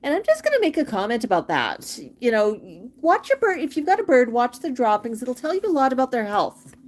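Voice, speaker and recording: A woman with a fairly high voice hosts a casual livestream. She reads comments out loud and chats easily about caring for birds. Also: sing-song, brisk. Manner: sing-song baby talk to her bird, then chatty comment reading. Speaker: pet parrot channel host.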